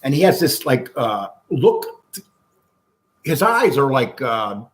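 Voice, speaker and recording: Blunt, animated man telling a story. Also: mid-range voice, slow. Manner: animated storyteller acting out quotes, frequent restarts; blunt, swears freely. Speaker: guest. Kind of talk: storytelling interview.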